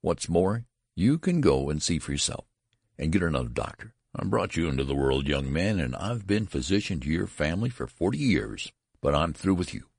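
A man's voice: extremely low pitch, big pitch swings, moderate pace, gravelly, a little mellow, husky, no echo, studio quality, heavily acted. A man voicing an indignant old family doctor who speaks curtly and cuttingly. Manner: cutting, curt.

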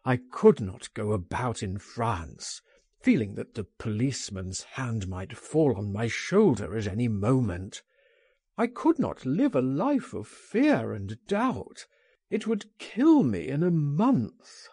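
A man's voice: medium pitch, very animated, slow pace, a little mellow, breathy edge, no echo, clean studio sound, exaggerated voice. A man reading an audiobook, voicing a frightened, despairing man who dreads arrest and speaks in a pleading, trembling way. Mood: anguished. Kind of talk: audiobook character voice.

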